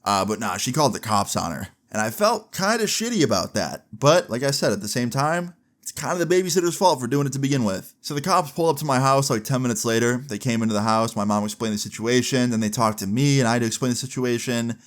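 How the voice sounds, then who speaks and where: A man's voice: medium pitch, expressive, fast talker. Young guy doing a storytime vlog, super casual, says like a lot, swears, normal mid voice. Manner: chatty and candid, heavy use of "like", casual swearing. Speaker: vlogger.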